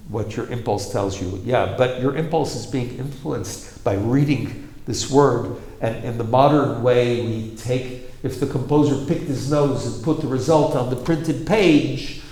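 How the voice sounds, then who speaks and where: A man's voice: medium pitch, a little slow, few pauses, darkish tone. A man teaching a piano masterclass, coaching a student with wry, probing questions between passages of playing. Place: large roomy hall with a piano. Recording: roomy hall echo with piano.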